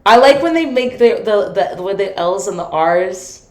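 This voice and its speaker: A woman's voice: medium pitch, expressive, moderate pace. An American woman co-hosting a casual podcast chat, talking over her partner and repeating words as she goes. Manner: talks over others, repeats words while finding them. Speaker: podcast co-host. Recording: echoey room.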